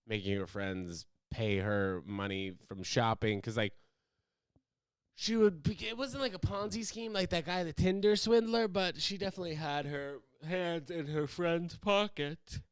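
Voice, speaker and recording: A young American man hosts a casual solo podcast, rambling animatedly from topic to topic and jumping into loud silly voices. His voice is a little high and smooth, and he speaks unhurriedly. The studio-quality recording has no echo.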